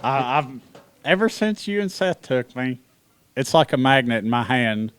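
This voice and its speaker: A man's voice: medium pitch, very animated, moderate pace, clean tone. A man guesting as a tournament angler, chatting casually and poking fun at himself in a laid-back way. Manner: laid-back, self-mocking, easygoing. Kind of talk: casual chat.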